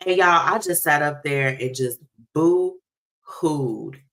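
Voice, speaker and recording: A woman's voice: low-pitched, takes it slowly, fairly bright tone. A woman hosting a talk show, chatting casually and animatedly straight to her listeners.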